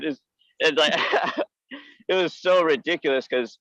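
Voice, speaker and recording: A man calling in to a live comedy show on a headset, telling a reckless work story in an excitable, casual way. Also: a little high, dry recording, highs cut off. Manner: fast, excitable anecdote telling. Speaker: caller.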